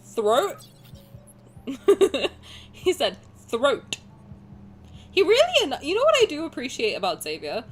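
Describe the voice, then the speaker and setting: A woman in her twenties with a posh southern English accent, streaming a game and chatting through it in rambling, animated asides. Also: sits high, moderate pace, soft background music. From south of England. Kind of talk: gaming commentary and reading aloud.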